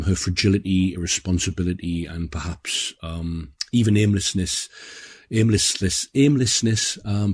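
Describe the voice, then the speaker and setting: A man co-hosting a film podcast, speaking in a measured way with many pauses and ums. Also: low-pitched, a little mellow, dry recording. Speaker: podcast co-host, film critic. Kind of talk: casual film discussion.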